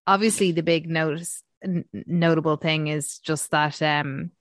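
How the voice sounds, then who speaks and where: A woman's voice: deep voice, fairly even intonation, unhurried, dry recording, studio quality. A woman co-hosting a casual film review chat, rambling with lots of fillers. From Ireland. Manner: chatty, rambling with many fillers.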